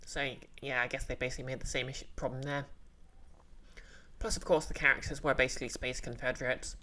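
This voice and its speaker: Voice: mid-range voice, steady tone, quick pace, pushed and bright. A streamer playing a game and chatting with viewers in a rambling, casual way, full of fillers and restarts. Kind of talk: casual game livestream chat.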